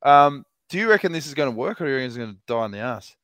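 An Australian man with a mid-pitched voice co-hosts a podcast. He tells jokey, sweary stories, and his voice comes across dry and close. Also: expressive, very fast, fairly bright tone, no room sound. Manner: joking storyteller, sweary. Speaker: podcast co-host. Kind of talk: casual chat.

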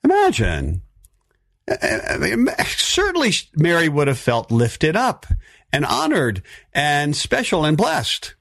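A man's voice: on the high side, wildly swooping pitch, slow, vocal fry, a bit bright, no room sound, clean studio sound. A man teaching a sermon-style Bible talk for a podcast, emphatic, with frequent fillers and restarts. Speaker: podcast preacher.

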